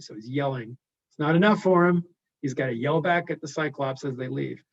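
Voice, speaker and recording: A man's voice: medium pitch, fairly quick, no room sound. Man explaining a text in casual asides. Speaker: teacher. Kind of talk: reading aloud with commentary. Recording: dull lo-fi recording.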